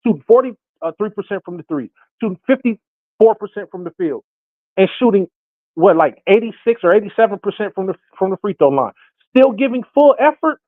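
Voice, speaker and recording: A young man talking sports on a podcast, excited and casual, often acting out made-up quotes. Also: high voice, brisk, no room sound. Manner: acts out imagined quotes in put-on voices. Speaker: podcast co-host. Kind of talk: animated sports talk. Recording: thin phone-like sound.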